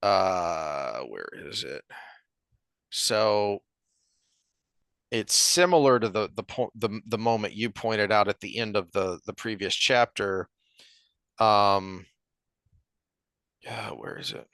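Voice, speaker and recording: A man's voice: fairly low pitch, gravelly, a bit bright, no room sound. A man co-hosting a podcast, casually discussing a book and reading passages aloud with lots of restarts. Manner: halting, reads passages aloud, many restarts. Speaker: podcast co-host.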